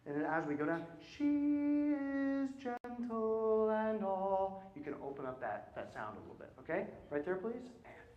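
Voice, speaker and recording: A man's voice: a little high, sing-song, quick pace, lo-fi sound. A man working as a choir clinician, coaching singers through a rehearsal and often asking questions and checking in with "right?". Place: concert hall. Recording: roomy hall sound.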